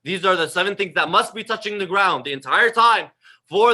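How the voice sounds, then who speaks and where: A man's voice: high-pitched, animated, brisk, pushed and bright. A young man giving an informal religious talk, emphatic and conversational, often repeating his phrases. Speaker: religious teacher. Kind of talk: informal sermon on prayer.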